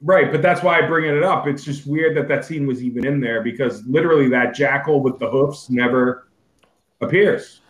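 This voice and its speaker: Man, mid-pitched voice, casual movie podcast, laid-back, echoey room. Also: normal speed. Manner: relaxed, swears casually, fills with "like". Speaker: podcast co-host. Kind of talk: casual movie review chat.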